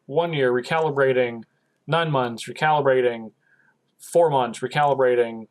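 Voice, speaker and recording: At a moderate pace, this man recounts an episode's story while co-hosting a podcast, his voice in the mid range. He chats casually and performs the characters' dialogue with lively flair.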